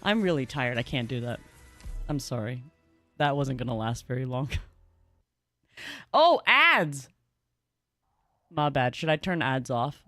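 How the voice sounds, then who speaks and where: A woman's voice: extremely low pitch, animated, moderate pace, pauses often, no room sound, faint music behind. A woman streaming a game who chats casually with her viewers, reads the story aloud, often laughs and stumbles over hard game words. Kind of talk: casual livestream chat and story reading.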